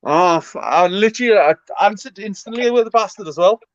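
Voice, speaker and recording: A man's voice: sits high, animated, brisk, no echo, lo-fi sound. A man telling a sweary anecdote in casual chat.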